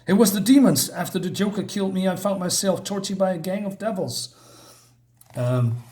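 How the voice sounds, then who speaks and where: A man voicing a demon that poses as a blinded teenage boy, pleading and accusing in a high, strained voice. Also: moderate pace, dark tone, lightly acted.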